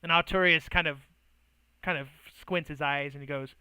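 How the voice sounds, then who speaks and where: A man's voice: fairly high pitch, steady tone, moderate pace, bright, forceful tone, smooth, dry recording, poor audio. A man narrating a tabletop game as game master, in a loose, hesitant way with many fillers.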